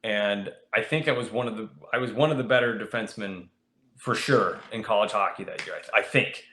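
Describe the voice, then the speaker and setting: A young man telling a story as a podcast guest, animated and jumping into high voices when he acts out his friends. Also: brisk, slight background noise. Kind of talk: casual storytelling. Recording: echoey room.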